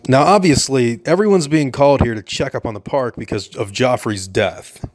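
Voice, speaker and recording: Excited man giving casual film commentary. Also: mid-range voice, normal speed. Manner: enthusiastic, chatty, laughs often.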